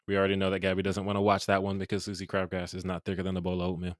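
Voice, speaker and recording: A man's voice: deep voice, monotone, no echo, studio quality. A man hosting a movie podcast, chatting casually and joking with his co-hosts. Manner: fast, joking, laughs often. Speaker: podcast host. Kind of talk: casual chat.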